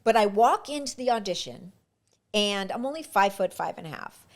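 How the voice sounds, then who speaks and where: An actress telling lively stories about her auditions and career in a casual interview. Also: medium pitch, moderate pace. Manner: lively anecdotal, frequent restarts. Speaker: actress guest.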